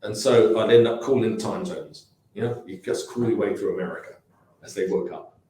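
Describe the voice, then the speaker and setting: A man's voice: on the low side, normal speed, dark tone. A man in his sixties with an English accent, a company founder telling rambling anecdotes in a casual interview, with restarts and asides. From England. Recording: very echoey room.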